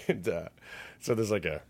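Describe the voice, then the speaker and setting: Man, podcast co-host, casual rambling chat, fillers, lowish voice. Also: lively intonation, measured pace, vocal fry, a little mellow. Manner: rambling, laughing, many fillers.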